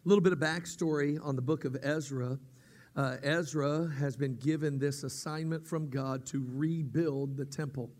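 A man preaching a sermon as pastor, teaching calmly at times and rising into loud, emphatic preaching, often repeating himself and restarting his words. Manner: builds from calm teaching to loud, high-pitched emphatic preaching.

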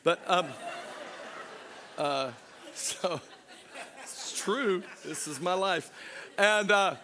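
A middle-aged man, a pastor, preaching a sermon through a personal story, swinging from loud laughing asides to hushed, slow moments. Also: high-pitched, noisy background.

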